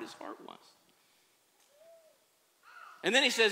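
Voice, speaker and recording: A pastor preaching with lively, folksy storytelling. His voice is fairly high for a man and bright. It echoes with a long reverb through a church sanctuary. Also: measured pace, long pauses. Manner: animated storytelling with folksy humor. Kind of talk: sermon.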